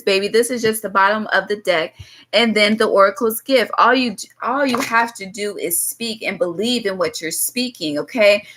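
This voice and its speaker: A woman's voice: mid-range voice, a bit bright, poor audio. A woman giving a loose, casual tarot reading to her viewers, blunt and swearing freely, drifting into chatty asides. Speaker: tarot reader.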